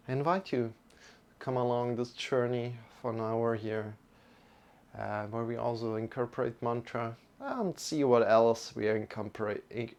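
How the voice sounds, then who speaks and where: A man teaching a live-streamed yoga class, giving calm, gentle instructions and greeting viewers in the chat. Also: medium pitch.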